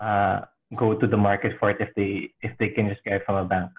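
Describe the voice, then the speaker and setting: A man's voice: on the low side, level tone, quick pace, phone-quality sound. A man asking a hesitant question in an online class, with fillers and restarts. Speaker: student. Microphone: video call mic.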